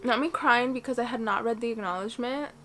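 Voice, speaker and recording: A woman's voice: fairly high pitch, quick pace, fairly bright tone, faint music behind. A young woman in her twenties chatting casually on a book vlog from her reading corner at home, gushing and emotional. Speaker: book vlogger.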